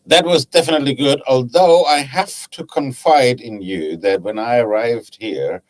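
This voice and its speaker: A man's voice: medium pitch, normal speed. A middle-aged man with a German accent, a guest chatting casually on a podcast about his woodturning club. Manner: chatty, hesitant restarts, laughs at own stories. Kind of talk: casual podcast chat, storytelling.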